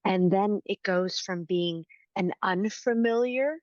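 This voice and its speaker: Calm woman coach, slightly dull audio. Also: mid-range voice, slow pace, dry recording. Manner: calm, explanatory, teacherly. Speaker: inner-child healing coach. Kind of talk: explaining in an interview.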